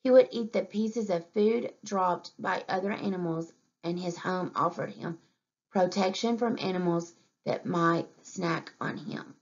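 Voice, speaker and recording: Gravelly-voiced preschool teacher reading a story. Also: female voice, lowish voice, a little slow. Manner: expressive, asks questions and points at pictures. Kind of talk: storytime reading aloud to young children. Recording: dull lo-fi recording.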